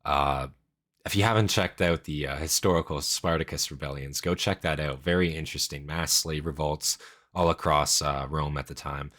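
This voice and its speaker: A man's voice: rumbling low, normal speed, fairly bright tone. A man streaming a casual reaction, rambling and thinking aloud with many fillers.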